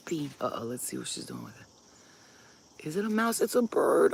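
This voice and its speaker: A woman's voice: lowish voice, big pitch swings, fairly quick, creaky, slight background noise, poor audio. A woman who is a spiritual healer, chatting casually and emphatically to her viewers while outdoors in a yard, swearing freely. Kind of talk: casual chat to camera.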